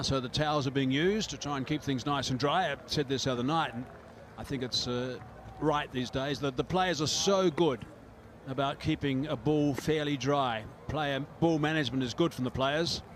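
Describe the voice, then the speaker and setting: A man commentating live cricket in a relaxed, explanatory way, with frequent pauses and fillers. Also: mid-range voice, a little hiss or hum.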